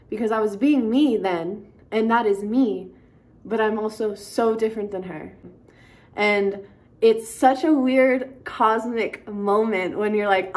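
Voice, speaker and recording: A woman's voice: medium pitch, unhurried, darkish tone. A young woman vlogging casually to camera, talking in an earnest, affectionate, rambling way. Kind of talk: casual direct-to-camera vlog.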